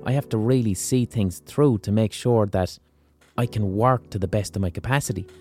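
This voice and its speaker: A man's voice: fairly low pitch, a little mellow. An Irish man hosting a podcast, talking through a casual monologue in a blunt, wry way with frequent swearing. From Ireland. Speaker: podcast host.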